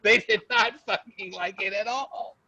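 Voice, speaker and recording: A man co-hosting a podcast in casual chat, excitable, laughing often and swearing casually. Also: high voice, a little slow, no echo, low-quality recording. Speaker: podcast co-host.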